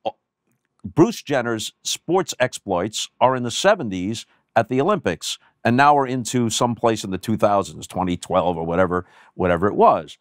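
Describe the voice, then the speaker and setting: A man's voice: lowish voice, lively intonation, normal speed, no echo, clean studio sound. An older man, a guest sportscaster, telling a story in a casual chat, articulate and careful with his disclaimers.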